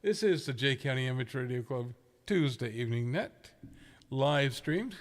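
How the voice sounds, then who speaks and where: A man's voice: mid-range voice, expressive, normal speed, big-room sound. A man hosting a livestreamed amateur radio net, chatting casually and rambling with frequent chuckles. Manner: chuckling, rambling, self-deprecating.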